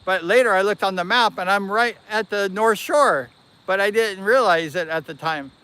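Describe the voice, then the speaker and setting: A man hosting a livestream, casually telling a long personal story in an animated, rambling way and correcting himself as he goes. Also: sits high, normal speed, smooth. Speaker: livestream host.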